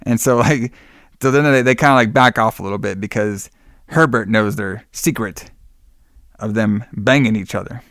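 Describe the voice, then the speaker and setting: A man's voice: lowish voice, normal speed, a bit bright, dry recording, clean studio sound. A man co-hosting a podcast, recapping a horror film in casual, profane, rambling chat. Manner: rambling, profane, acts out quotes. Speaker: podcast co-host.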